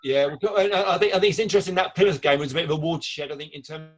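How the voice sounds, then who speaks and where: A male executive producer guiding a live Q&A with careful, reflective remarks. He hedges his points and poses questions to his co-director. His voice is a little higher than most men's. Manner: measured, hedging with "I think". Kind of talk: live Q&A conversation.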